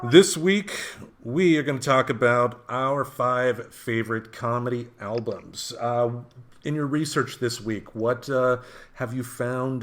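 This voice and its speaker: A man co-hosts a relaxed podcast, speaking in a mid-range voice. He often restarts his sentences and fills pauses with ums. He laughs easily as he talks. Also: medium pitch. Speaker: podcast co-host. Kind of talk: casual chat.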